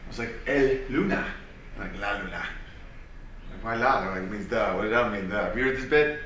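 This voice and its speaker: A man doing stand-up with a drawn-out, musing delivery. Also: fairly low pitch, fairly bright tone, reverberant, poor audio. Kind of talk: stand-up comedy bit.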